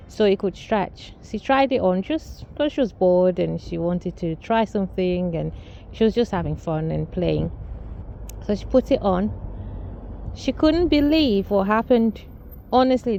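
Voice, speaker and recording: A woman's voice: mid-range voice, dark tone, dull audio, slight background noise. A woman telling a casual family story, rambling with restarts and amused asides. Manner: rambling, many restarts and fillers, laughs at own story.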